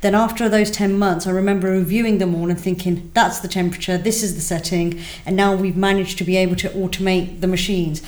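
A woman, a gin distillery co-founder, explaining the process in a steady, methodical way. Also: medium pitch, a little fast, hardly any pauses. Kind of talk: explanatory conversation. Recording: echoey room.

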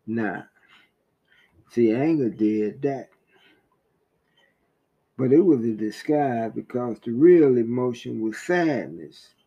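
A man's voice: medium pitch, expressive, slow pace, pauses often, slightly rough, muffled recording. A man hosting a reflective monologue, asking rhetorical questions as he tells a story. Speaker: podcast host.

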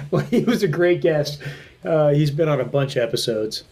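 A man's voice: on the high side, a little mellow. A man co-hosting a casual comedy podcast, rambling with restarts and laughing often. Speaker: podcast co-host and editor.

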